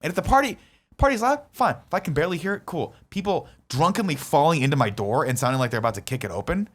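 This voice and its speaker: A man's voice: a little high, expressive, fast, fairly bright tone. A man, a podcast co-host, telling a heated story in casual chat and swearing a lot.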